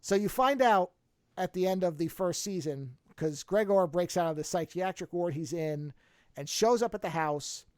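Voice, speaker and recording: A man's voice: high-pitched, lively intonation, moderate pace, a little mellow, clean tone, no echo, clean studio sound. A man hosting a podcast, chatting casually about a TV show in a rambling, self-correcting way. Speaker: podcast host.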